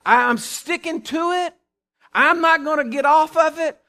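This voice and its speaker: A man preaching a sermon, emphatic, with call-and-response, swinging from loud to hushed. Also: very high voice, a little slow. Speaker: pastor.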